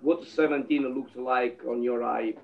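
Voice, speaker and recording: A man with an Italian accent asking questions on a video call, a little halting. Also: mid-range voice, fairly even intonation, gravelly, phone-quality sound.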